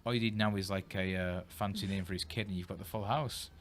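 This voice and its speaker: A man's voice: sits low, fairly even intonation, fast talker, a crowd in the background. A man co-hosting a live football watchalong, trading laid-back, jokey banter.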